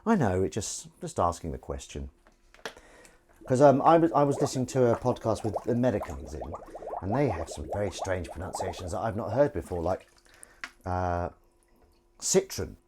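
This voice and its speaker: A Southern English man hosts a casual livestream from his kitchen sink, rambling and joking as he reads out viewer messages. His pitch jumps around animatedly from phrase to phrase. Faint kitchen noise sits quietly under his voice. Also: sing-song, moderate pace. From England. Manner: rambling, jokey, reads chat aloud. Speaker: livestream host. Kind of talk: casual chat while washing dishes. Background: running water and clinking dishes.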